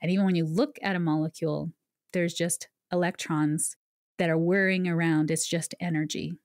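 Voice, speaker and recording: Low gravelly-voiced woman telling her story. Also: normal speed, dry recording, studio quality. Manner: earnest, explanatory, with lively asides. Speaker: guest, psychic medium. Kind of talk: conversational podcast storytelling.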